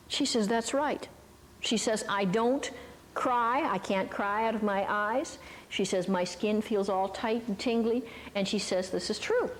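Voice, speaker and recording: A woman's voice: medium pitch, measured pace, in a large hall, a little hiss or hum. An older woman teaching a Christian ministry talk, telling stories in a chatty, folksy way with many asides and questions to her listeners. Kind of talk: sermon with storytelling. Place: hall before a live audience.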